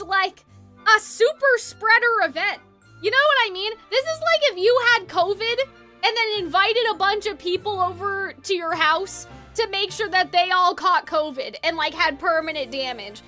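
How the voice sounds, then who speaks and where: A young woman streaming a story game, reacting in an animated, blunt way and swearing freely. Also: very high-pitched, moderate pace, faint music behind.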